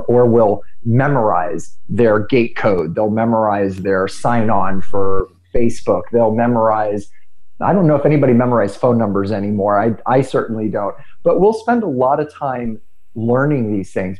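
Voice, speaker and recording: Earnest, warm-toned man telling stories. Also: on the low side, rough recording. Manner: animated, earnest, self-deprecating with frequent restarts. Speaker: podcast guest speaker. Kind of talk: casual conversational storytelling.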